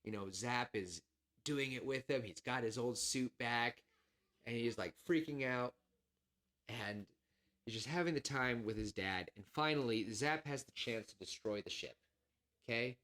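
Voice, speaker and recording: Man, podcast co-host, rambling casual chat, excitable, acts out scenes. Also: medium pitch, measured pace.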